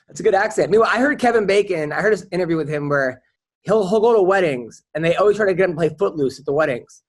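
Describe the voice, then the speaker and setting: A man with a high-pitched voice hosts a loose, casual podcast chat. He rambles through his stories, stopping and restarting his sentences as he goes. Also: lively intonation, fast. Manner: rambling storyteller with many restarts. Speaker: podcast host.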